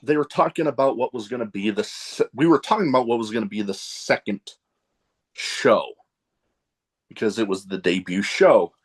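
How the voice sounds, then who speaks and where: A man hosting a casual podcast chat, telling animated stories and laughing at his own jokes. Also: on the low side, moderate pace. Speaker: podcast host.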